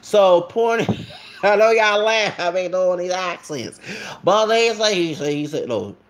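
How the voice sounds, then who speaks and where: A man's voice: sits high, unhurried. A man, rambling in a casual vlog monologue and often asking "okay?". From Texas. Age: late 30s.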